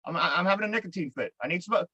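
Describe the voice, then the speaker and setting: Telling a drawn-out story on a podcast he co-hosts, a Pittsburgh-accented man sounds exasperated, rambles and swears. His high, husky voice is animated, fast, pushed and bright, recorded dry through a dull, lo-fi mic.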